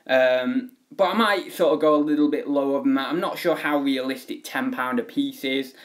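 A man's voice: mid-range voice, normal speed. A young man chatting casually on a home live stream, rambling with many fillers.

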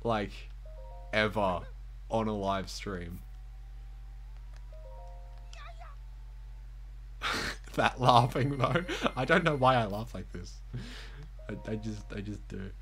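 Slow, lively young man streaming a game. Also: on the low side, faint music behind. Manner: giggly, self-mocking, talks to the game. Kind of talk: live-stream gameplay commentary.

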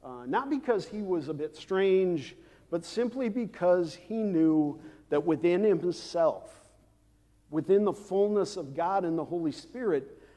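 A man preaching a sermon as pastor, measured and unhurried, with frequent "uh" fillers and the odd dry aside. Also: high voice, expressive, warm tone. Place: church sanctuary. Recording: long church hall reverb.

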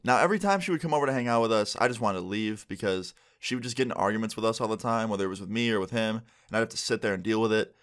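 A young man telling a story casually for his vlog, animated and full of fillers. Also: on the low side, racing, hardly any pauses. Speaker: vlogger.

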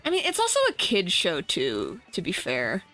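A woman's voice: on the low side, wildly swooping pitch, moderate pace, pushed and bright, soft background music. A woman streaming while she draws, chatting casually, laughing and swearing now and then into a desk mic without a pop filter. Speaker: art streamer. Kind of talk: casual chat while drawing.

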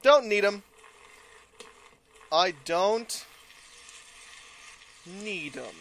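A man doing gameplay commentary, with loud exaggerated outbursts, yelling and groaning as his character dies. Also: sits high, sing-song, measured pace, pauses often, very noisy. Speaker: let's player.

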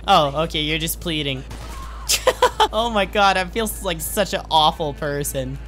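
A man's voice: a little high, measured pace, fairly bright tone, faint music behind. A young man in his late teens giving jokey, rambling commentary while playing a game, often gasping and laughing. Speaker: gaming YouTuber. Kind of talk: let's play commentary.

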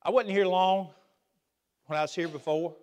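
A man preaching a sermon in a church, swinging between loud emphatic outbursts and quiet asides. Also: high-pitched, steady tone, moderate pace. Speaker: pastor. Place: church sanctuary.

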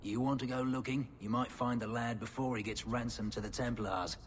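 An actor playing a streetwise, wry smuggler in a video game, talking in a gruff, matter-of-fact way. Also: male voice, mid-range voice, fairly even intonation, brisk, big-room sound, slight background noise, natural voice.

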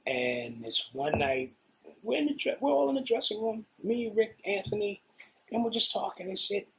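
A middle-aged man with a New York accent telling profane, animated stories in a casual interview. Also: sits high, normal speed, creaky, noisy background. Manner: profane, animated, acts out quotes. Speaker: interviewee, guitarist. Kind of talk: casual storytelling.

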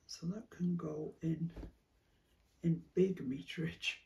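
Gravelly woman chatting off-mic. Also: deep voice, fairly even intonation, takes it slowly, distant mic, a little hiss or hum. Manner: chatty, musing, drops into soft whispered asides. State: coughing now and then. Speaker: craft vlogger. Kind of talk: casual chat while sorting fabric.

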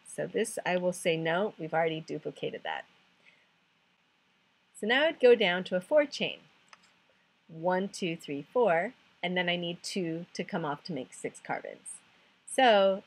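A woman with a slightly husky, breathy voice walks through a chemistry lesson one step at a time. She counts aloud as she goes and pokes fun at herself. Her voice sits a little low. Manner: self-deprecating humor. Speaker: chemistry tutor.

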